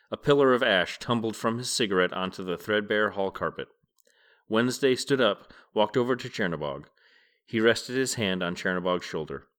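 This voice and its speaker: This podcast host reads a novel aloud one page at a time, then chats about it in a relaxed, reflective way. His voice sits on the low side, and he moves at a moderate pace.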